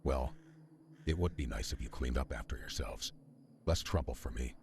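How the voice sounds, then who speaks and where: A weary old graveyard dog. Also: male voice, animated, normal speed, darkish tone. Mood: grumbling. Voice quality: deep gravelly growl. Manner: grumbling, put-upon. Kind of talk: audiobook character voice.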